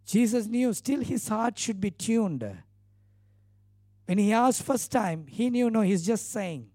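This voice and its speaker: A man's voice: high-pitched, expressive, takes it slowly, mellow, dry recording, studio quality. A male pastor preaching a sermon, retelling scripture earnestly with emphatic repeated phrases.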